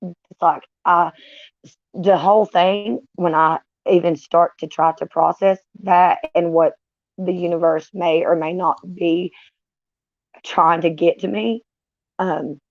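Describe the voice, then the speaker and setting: Woman, vlogger, candid, profane, gravelly voice, dull dry recording. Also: lowish voice, fairly even intonation, takes it slowly, dry recording. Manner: candid, profane, with dark humor. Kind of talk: casual, unfiltered storytelling.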